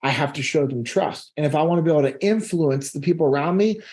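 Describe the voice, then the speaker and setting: A man, a leadership instructor, answering audience questions in a casual, direct way, laughing easily and getting animated. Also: fairly high pitch, fast. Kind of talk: casual Q&A talk.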